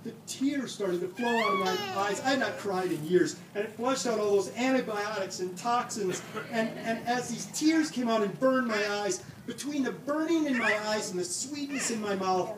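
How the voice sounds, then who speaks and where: A man's voice: high voice, animated, moderate pace. A man telling a personal story on stage with comic timing, acting out the dialogue. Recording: echoey room, heard from a distance, audible noise.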